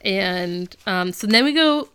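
A woman in her thirties co-hosting a casual recap chat, retelling scenes and quoting characters in quick put-on voices. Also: medium pitch, lively intonation, a bit bright, clean tone. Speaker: podcast co-host.

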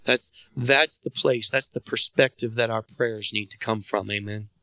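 This male pastor's voice sits lowish yet sounds bright and forceful as he preaches at a normal speed with a steady tone. Calling to the congregation, he presses for their replies, captured in a close, dry recording with no echo.

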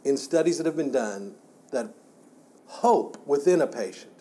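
A man's voice: mid-range voice, lively intonation, a little slow, dark tone. A man teaching a church Bible class in a conversational way, often repeating words and restarting his sentences.

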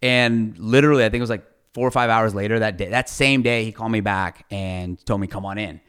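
A man with a low voice tells stories from his career in a loose interview. His tone is animated and he swears casually. His voice is smooth and resonant. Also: fairly quick. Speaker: guest, lawyer.

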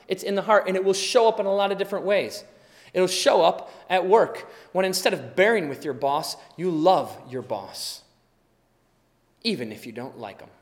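Man preaching in a reverberant hall. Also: high voice. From Wisconsin, USA. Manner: conversational and animated, acts out little scenes. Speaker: pastor. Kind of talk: sermon.

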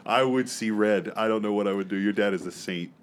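A man hosting a podcast in casual chat, throwing in quick reactions and jokes. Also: lowish voice. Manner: quick reactions, joking interjections. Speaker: podcast host.

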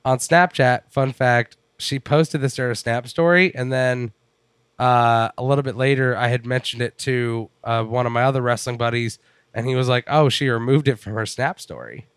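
Male podcast co-host, casual, wry, clear smooth voice, dry close mic. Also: mid-range voice, steady tone, moderate pace, fairly bright tone, no room sound. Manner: rambling, wry, sprinkled with swearing. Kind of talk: casual chat.

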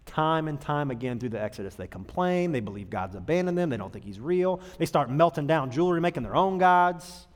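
A man preaches a sermon in a chatty, humorous way, slipping into quick impressions of the people he quotes. His voice sits a little high for a man. The sound rings with the long reverb of a large hall. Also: very animated. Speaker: pastor.

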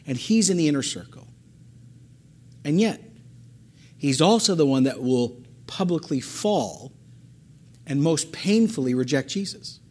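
Husky, emphatic male preacher. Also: fairly high pitch, lively intonation, a little slow, long pauses, a little mellow. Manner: emphatic, repeats phrases for stress. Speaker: pastor. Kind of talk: sermon.

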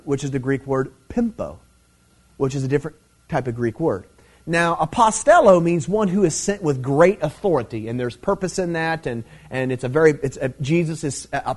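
A man's voice: medium pitch, darkish tone. A middle-aged man preaching a Bible teaching sermon in a conversational way, with many fillers, swelling into emphatic stresses.

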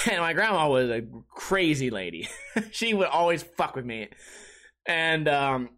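A man with a high, sharp, bright voice hosts a comedy podcast. He rambles through crude, profane stories and keeps breaking off and restarting his sentences. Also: big pitch swings, unhurried. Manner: crude, profane storytelling with laughter. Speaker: podcast host and streamer. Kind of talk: comedic casual chat.

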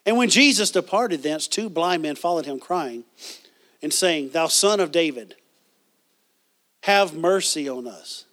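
A man's voice: on the high side, expressive, unhurried, long pauses, fairly bright tone. A man preaching a sermon as pastor, reading scripture and asking the congregation questions, with frequent restarts.

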